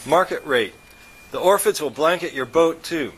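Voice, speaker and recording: A man reading as an excitable, reckless male tech inventor who talks in an eager, persuasive way. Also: normal speed, breathy edge. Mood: pushy. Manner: eager, persuasive salesman pitch.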